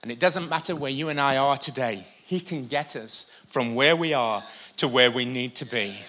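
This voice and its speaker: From the stage of a church, a mid-range male voice delivers a sermon at a moderate pace. The pastor preaches with lively emphasis and drops in a joke now and then.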